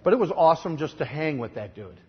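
A man with a Chicago accent preaching a sermon, telling stories in a conversational way and swinging from quiet asides to loud, emphatic lines. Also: fairly high pitch, sing-song, fast talker, dull audio. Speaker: pastor.

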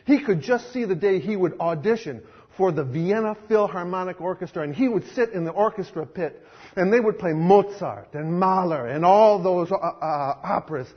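Husky-voiced male pastor telling a story. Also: high-pitched, moderate pace, muffled recording. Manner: dramatic, acts out characters. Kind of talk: sermon storytelling.

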